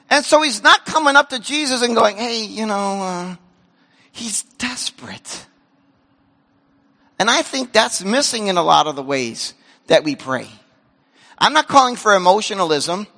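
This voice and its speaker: A man preaching a sermon as a pastor, animated and emphatic, acting out the voices of the people he describes. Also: extremely high pitch, in a large hall. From grew up in a Korean church community. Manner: animated, acts out quoted voices, shouts for emphasis. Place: church sanctuary.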